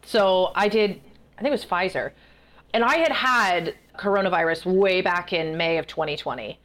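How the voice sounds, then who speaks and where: A woman guest author in a casual interview, telling stories in a chatty, animated way. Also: lowish voice, normal speed. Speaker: guest author and festival performer.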